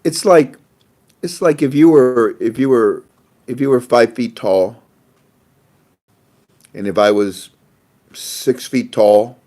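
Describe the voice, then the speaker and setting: A man's voice: fairly low pitch, a little mellow. A man hosting a casual monologue, rambling and repeating his phrases, with frequent laughter. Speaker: host.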